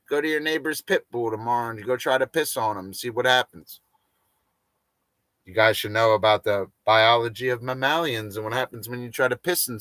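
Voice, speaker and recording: A man's voice: mid-range voice, fairly bright tone, dry recording, studio quality. A man hosting a livestream, rambling and joking crudely and often laughing at his own lines. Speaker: livestream host. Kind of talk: casual livestream rant.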